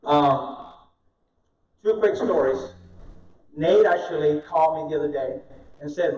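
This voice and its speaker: A high-voiced man tells animated stories and jokes with an audience during a live meetup talk. He sounds distant and muffled, picked up across an echoey meeting room. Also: moderate pace, long pauses. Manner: animated storyteller, joking with the audience. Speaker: speaker at an investor meetup.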